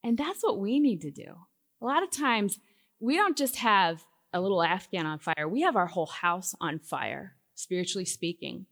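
A middle-aged woman giving a faith talk to a live audience, telling stories with loud emphatic bursts that drop to hushed asides. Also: normal speed. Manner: lively storytelling, swinging from loud emphatic bursts to hushed lows. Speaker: Christian speaker. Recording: long hall reverb.

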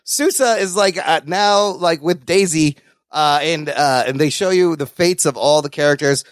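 A man co-hosting a podcast in casual chat, animated and profane. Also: moderate pace, no room sound. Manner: animated, profane, swings between high and low pitch. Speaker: podcast co-host.

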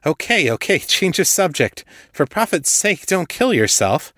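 A man voicing a commanding young woman investigator who talks briskly, with an exasperated edge. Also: mid-range voice, expressive, a bit bright, no echo, clean studio sound, lightly acted. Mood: urgent.

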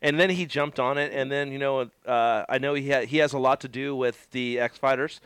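A man's voice: mid-range voice, fairly even intonation, a little fast, a bit bright, clear, resonant tone, dry recording. A man hosting a motocross podcast, chatting loosely and laughing as he tells stories. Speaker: podcast host. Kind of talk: casual chat.

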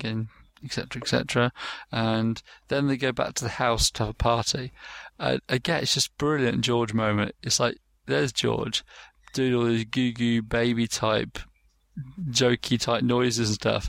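A man with a gravelly, creaky voice chats casually, rambling through fillers and false starts as he acts out bits of dialogue. His voice sits at a middling pitch and sounds close and dry, with no room around it. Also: no echo. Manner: rambling, many fillers and restarts, acts out quotes. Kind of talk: casual chat.

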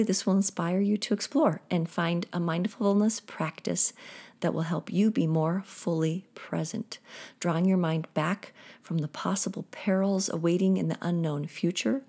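Breathy lady host, slow calm guided meditation, kinda low voice. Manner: slow, soothing, chanting syllables in rhythm. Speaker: podcast host leading a meditation.

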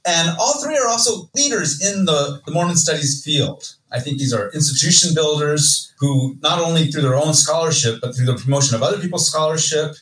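A man co-hosting a podcast, talking casually through a list of book reviews with steady enthusiasm. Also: on the high side, a little fast, few pauses. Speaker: podcast co-host. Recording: roomy echo, distant from mic.

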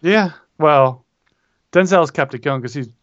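A man's voice: fairly high pitch, unhurried, a bit bright, no room sound. A man co-hosting a casual film podcast, hesitant and questioning, with frequent restarts. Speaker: podcast co-host. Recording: dry, dull lo-fi sound.

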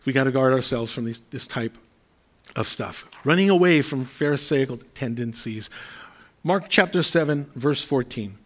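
A man's voice: medium pitch, expressive, normal speed. A man preaching an earnest, conversational sermon, explaining scripture and Greek words. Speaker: pastor.

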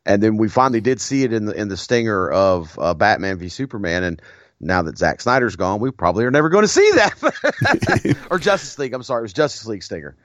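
A man's voice: lowish voice, very animated, fast, fairly bright tone, no room sound, clean studio sound. A man co-hosting a podcast in casual chat, rambling and digressing with frequent restarts. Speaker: podcast co-host.

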